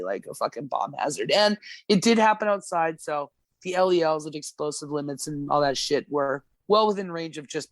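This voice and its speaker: A woman's voice: deep voice, no echo. Blunt, profane woman telling stories. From Alberta, Canada. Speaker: gas service technician, podcast guest. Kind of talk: casual podcast storytelling.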